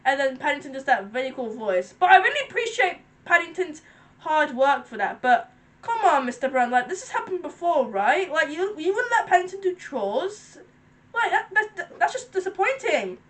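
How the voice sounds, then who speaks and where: Excitable, giggly woman commentating a reaction video, high voice that bounces around. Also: moderate pace. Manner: excitable, giggly chatter with frequent laughs.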